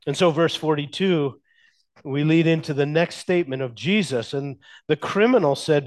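A pastor with a fairly high-pitched voice delivers a sermon in slow, measured phrases. He uses emphatic pauses and asks the congregation questions.

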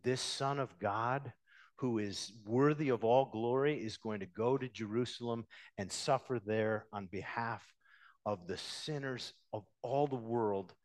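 A man preaching a sermon, swinging between loud emphatic passages and quiet, hushed ones. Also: mid-range voice, measured pace. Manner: dynamic preaching, rising loud then dropping to hushed. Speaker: pastor.

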